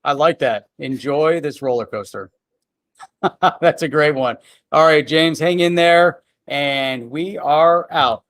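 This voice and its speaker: A man's voice: on the high side, slow, fairly bright tone, dry recording, clean studio sound. A man hosting a live show in a loose, chatty way, often dropping "man" and "you know". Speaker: livestream show host. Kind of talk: casual chat.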